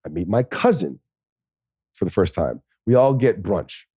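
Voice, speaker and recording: A low-pitched man with a dark, mellow voice tells a raw personal story as a podcast guest. He talks candidly and swears freely, and he is tearful at times. The sound is dry and close. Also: sing-song, measured pace, slightly rough, no room sound. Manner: candid and profane, with laughs and soft, choked passages. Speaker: podcast guest, former pro football player.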